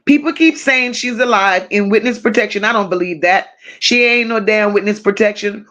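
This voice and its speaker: A woman hosting a casual true-crime livestream, reading viewer comments aloud and answering them with blunt, profane, animated banter. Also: mid-range voice, normal speed. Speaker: livestream host reading chat.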